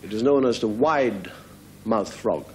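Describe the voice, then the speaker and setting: An Irish man, a comedian and host, telling a story in an animated stand-up style in a TV studio before an audience. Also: on the low side, measured pace, slight background noise. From Ireland.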